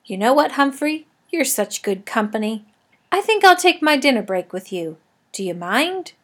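A jovial middle-aged night janitor, put on by a woman reading aloud, chatty and full of jokes. He talks loud and high for a man, with a bright, bouncing lift in his voice. This storybook character is friendly through and through. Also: sing-song, normal speed, slightly rough, full character voice. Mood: cheerful.

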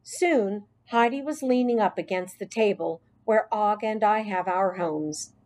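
A woman reading a children's story aloud with expressive, unhurried narration. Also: mid-range voice.

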